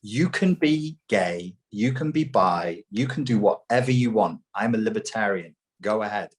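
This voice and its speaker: A man's voice: on the low side, animated, moderate pace. A man as an interview guest, talking emphatically and mockingly, with plenty of swearing. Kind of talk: heated opinionated talk.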